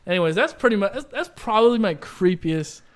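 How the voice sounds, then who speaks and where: Rambling young man, slightly high voice. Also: expressive, brisk. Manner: rambling, lots of "like" and "right?", laughs while telling. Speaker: podcast co-host. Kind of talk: casual chat, storytelling.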